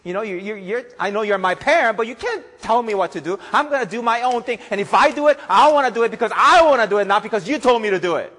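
A man's voice: high-pitched, animated, fast, hardly any pauses, fairly bright tone, big-room sound, pitched above the performer's own voice. A man voicing a rebellious teenage boy who indignantly protests his parent's orders. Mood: defiant. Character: defiant sulky teenage boy.

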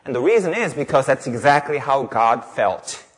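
A man's voice: mid-range voice, animated, moderate pace, slightly rough. A male pastor preaching a sermon, emphatic, with rhetorical questions and repeated phrases. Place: church sanctuary. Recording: long reverb of a large hall.

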